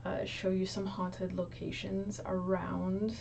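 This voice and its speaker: A young woman, a YouTube creator, chats casually to the camera for her viewers, peppering her talk with ums and likes. Her mid-range voice is gravelly and slightly dark, delivered slowly and completely flat. The low, distant mic in a small room picks up a little hiss or hum.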